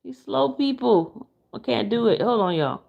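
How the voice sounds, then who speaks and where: A woman's voice: fairly high pitch, expressive, moderate pace, gravelly, dull audio. A woman reacting to a livestream, exasperated, talking to her viewers while she searches for the clip. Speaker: commentary streamer.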